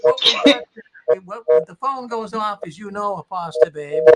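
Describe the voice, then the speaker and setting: A man's voice: high voice, lively intonation, normal speed, a crowd in the background. A man hosting a live call-in show, reassuring his callers in a stop-start way and repeating himself. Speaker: host.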